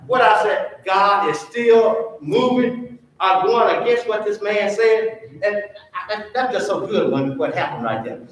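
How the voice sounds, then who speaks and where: Man, high voice, teaching a church Bible class; echoey room, distant mic. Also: a bit bright. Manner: call-and-response questioning. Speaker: Sunday school teacher.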